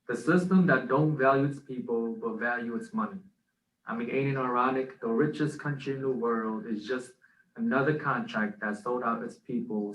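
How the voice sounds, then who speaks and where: This man co-hosts a podcast and, standing away from the mic in an echoey space, delivers his own spoken word poem earnestly and in rhythm. His voice is mid-range and a bit bright.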